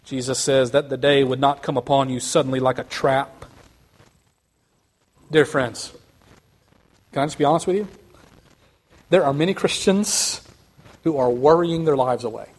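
A man preaching a sermon, speaking earnestly and building to quick, emphatic runs. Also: mid-range voice. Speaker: pastor.

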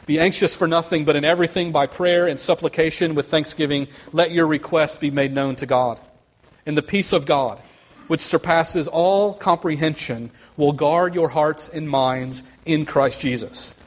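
A man preaching a sermon, speaking earnestly and building to quick, emphatic runs. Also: on the high side. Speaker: pastor.

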